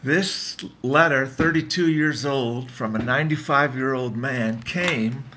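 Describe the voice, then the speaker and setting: A man's voice: mid-range voice, unhurried, noisy background. Earnest rambling man in his fifties. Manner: rambling, earnest, self-interrupting. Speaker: vlogger. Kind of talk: casual video diary. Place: his apartment, indoors.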